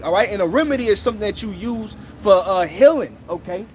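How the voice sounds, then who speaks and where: A man's voice: high voice, animated, fast, few pauses, a little mellow, slight background noise. A man street preaching outdoors in a scolding, confrontational way, tagging almost every phrase with "all right?" or "okay?". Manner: scolding, accusing listeners directly.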